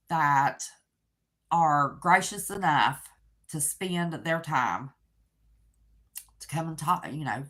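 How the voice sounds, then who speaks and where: An older woman speaks in a low voice. She rambles to her viewers in a casual, heartfelt way, with soft laughs now and then. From West Virginia. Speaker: channel host.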